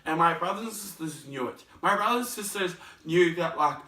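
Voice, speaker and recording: A young man vlogging, telling a personal story in an animated way, acting out scenes and other people's voices. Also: fairly high pitch, fairly quick. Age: young adult. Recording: roomy, mic at a distance.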